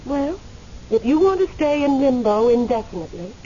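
An actress playing the spirit of a dead woman who waits in limbo, speaking in a gently teasing, unhurried way in a radio drama. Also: high voice, very animated. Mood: calm, teasing. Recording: muffled radio recording, faint hiss.

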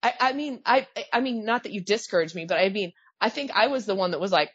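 A woman in her thirties co-hosting a podcast, chatting excitedly and laughing as she acts out other people's lines. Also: medium pitch, fast talker, few pauses, slightly rough, dry recording. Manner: animated, laughing, mimics others in quoted voices. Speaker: podcast co-host, pilot. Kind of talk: casual podcast chat. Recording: dry, slightly dull podcast mic.

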